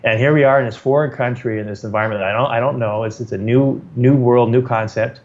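A man's voice: medium pitch, quick pace. Man telling a story, muffled recording. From California. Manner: restarts and repeats words, energetic, self-deprecating humor. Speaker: guest telling his story. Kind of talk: casual storytelling. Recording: slightly dull, muffled recording.

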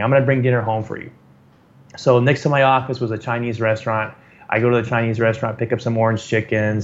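A middle-aged man from California tells a personal story in a relaxed, energetic way. He restarts his sentences and repeats words as he goes, with some self-deprecating humor, at a pitch typical for a man. The recording sounds a bit dull and muffled. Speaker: guest telling his story. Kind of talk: casual storytelling.

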